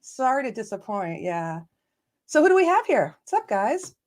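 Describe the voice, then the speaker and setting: A woman's voice: a little high, sing-song, normal speed, darkish tone. A woman hosting a casual live stream, chatty and self-joking, laughing often and greeting viewers by name. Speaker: livestream host.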